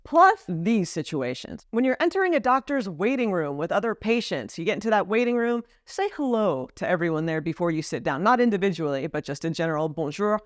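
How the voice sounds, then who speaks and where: A woman's voice: lowish voice, sing-song, fairly quick, hardly any pauses, no echo. Chatty woman, dry close sound. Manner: chatty, acts out short example lines. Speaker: vlogger explaining French etiquette. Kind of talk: casual explainer to camera.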